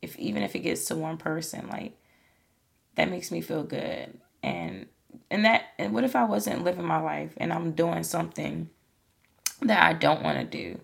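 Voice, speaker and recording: A woman's voice: sits low, animated, normal speed, vocal fry, slightly rough. A woman hosting a podcast, talking in a casual, earnest and encouraging way, full of "like" and "you know". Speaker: podcast host. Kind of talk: casual motivational monologue.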